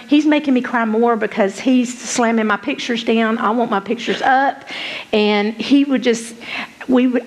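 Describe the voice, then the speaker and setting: A woman's voice: on the high side, rough recording. A middle-aged woman giving a candid, emotional personal testimony as a conference speaker.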